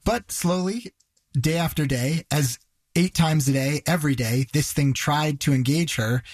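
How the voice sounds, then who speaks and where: A man's voice: fairly high pitch, a little slow, no room sound. A male reporter retelling a story in a conversational, vivid way. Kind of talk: narrated news storytelling.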